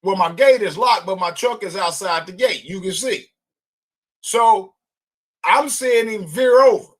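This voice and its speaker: A man giving an angry, profane rant, often shouting and repeating himself. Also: high voice, a little slow. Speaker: homeowner ranting on video.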